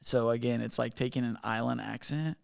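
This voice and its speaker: A man's voice: mid-range voice, steady tone, a little fast, creaky, smooth. A young man from Bermuda telling his story as a podcast guest, talking casually and rambling with lots of "like". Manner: rambling, filler-heavy with frequent "like".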